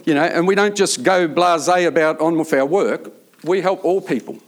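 A man's voice: on the high side, moderate pace. A man speaking as a prison chaplain in an informal faith talk, telling stories earnestly and rambling with many fillers.

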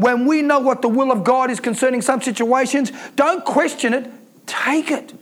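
A man preaches an emphatic sermon, calling out to his congregation for responses. His voice sits very high for a man. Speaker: pastor.

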